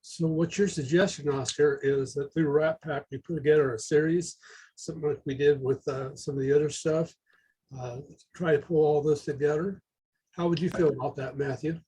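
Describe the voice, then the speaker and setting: A man's voice: on the high side, fairly even intonation, moderate pace, mellow, husky. A man moderating the questions on a video call in a joking, inviting way.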